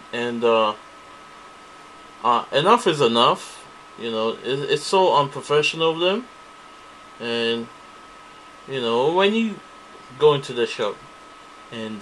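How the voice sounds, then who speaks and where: A man vents in a heated, profane monologue, looping through the same grievances with restarts. His voice sits at an ordinary middle pitch. A faint hiss and air-conditioning hum run underneath. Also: fairly bright tone, poor audio. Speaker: vlogger. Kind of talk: angry ranting monologue to camera.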